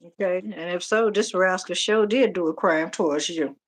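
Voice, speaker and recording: A woman's voice: on the low side, moderate pace. Chatty middle-aged woman doing a tarot stream, talks right to the viewers. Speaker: tarot reader. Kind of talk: casual live-stream tarot reading.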